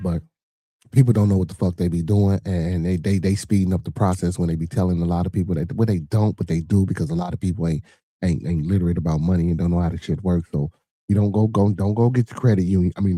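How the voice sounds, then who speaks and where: A man's voice: low voice, dark tone, dry recording, studio quality. A man with a Chicago accent hosting a podcast, giving blunt, profane money advice in casual chat and often restarting his words. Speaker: podcast host.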